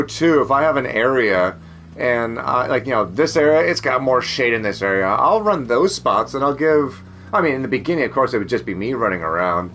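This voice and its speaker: A man's voice: mid-range voice, fairly bright tone, a little hiss or hum. A man chatting casually as a streamer, rambling, joking and swearing freely. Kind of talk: casual chat.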